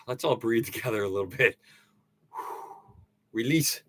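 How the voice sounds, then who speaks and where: An older man hosting a casual livestream, ranting and joking with sudden loud outbursts. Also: mid-range voice, lively intonation, takes it slowly, breathy edge. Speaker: livestream host. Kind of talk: casual livestream rant and sign-off.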